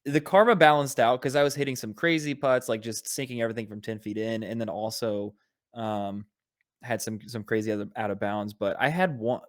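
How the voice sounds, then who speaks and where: A man's voice: medium pitch, fairly quick. A man co-hosting a podcast in casual chat, laid-back and laughing often as he listens and shares his own stories. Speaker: podcast co-host.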